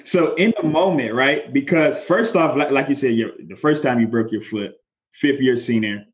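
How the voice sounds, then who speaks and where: A man's voice: mid-range voice, normal speed, dull audio. A man hosting a casual interview, prompting his guest with encouraging questions. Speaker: interview host.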